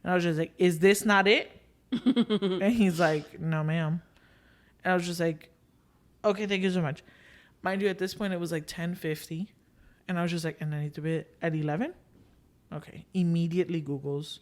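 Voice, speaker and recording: Young woman podcast host, lowish voice, acts out every quote in her story. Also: normal speed, long pauses. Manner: lively retelling, acting out quoted dialogue; drops Spanish filler phrases. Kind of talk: casual storytelling chat.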